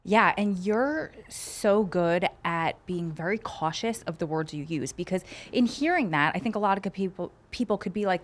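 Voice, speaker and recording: A woman co-hosts a casual podcast and tells stories in an animated, rambling way. Her voice sits on the low side for a woman. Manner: animated storytelling, quick tangents. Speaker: podcast co-host. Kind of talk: casual chat.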